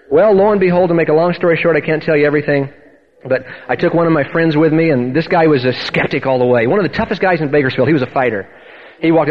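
A pastor telling a testimony from the pulpit, acting out the people in his story with lively storytelling. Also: a little high, racing, muffled recording. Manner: animated storytelling, acting out quoted voices. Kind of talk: sermon testimony.

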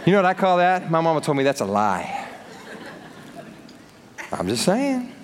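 A man preaching a sermon in a lively, conversational way, acting out quotes in other voices. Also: fairly high pitch, normal speed, long reverb tail, crowd noise, noisy background. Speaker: pastor.

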